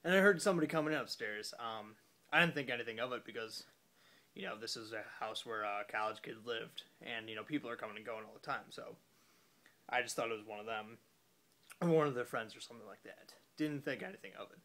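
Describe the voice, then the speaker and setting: A young man telling a story casually into his phone after a few beers, rambling and halting with many fillers and curses. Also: lowish voice, bright, forceful tone. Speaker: vlogger.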